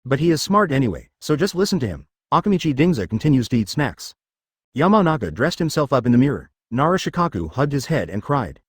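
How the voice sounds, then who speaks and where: Lively male fan-fiction narrator, dry sound. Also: medium pitch, fast, slightly rough, no room sound. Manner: flat, literal delivery that reads symbols aloud. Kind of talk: reading translated fan fiction.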